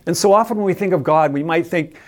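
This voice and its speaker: This mid-range voice belongs to a preacher delivering a scripture sermon with deliberate emphasis. Words get repeated for weight, and the listeners are addressed directly with questions.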